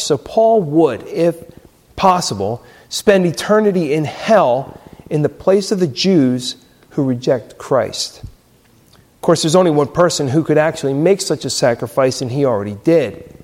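A man's voice: a little high, lively intonation, a little slow, darkish tone, in a large hall. A man giving a sermon in a casual, conversational way, often checking in with the listeners. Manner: conversational, tags lines with "right?" and "you know". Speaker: pastor.

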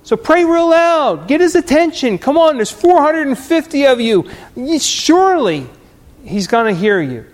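Brief: sarcastic taunting prophet, raised pitch, hall echo, done by a male preacher. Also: big pitch swings, measured pace, full character voice. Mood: mocking. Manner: sarcastic, teasing. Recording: long hall reverb.

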